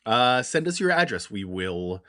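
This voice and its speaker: A man with a low voice and lively ups and downs, co-hosting a podcast as a casual chat. His humor is dry and deadpan. The sound is close and dry. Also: measured pace, no room sound. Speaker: podcast co-host.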